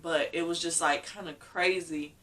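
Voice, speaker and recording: A woman's voice: on the low side, fairly even intonation, moderate pace, a bit bright, far from the mic. A woman vlogger telling a personal story candidly and emotionally, acting out what people said.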